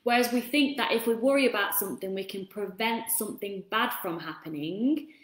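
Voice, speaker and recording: A woman's voice: medium pitch, brisk. A woman hosting a casual self-help talk, chatting freely and breaking off to greet viewers. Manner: chatty, warm asides to viewers. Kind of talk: casual live-stream talk. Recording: roomy echo.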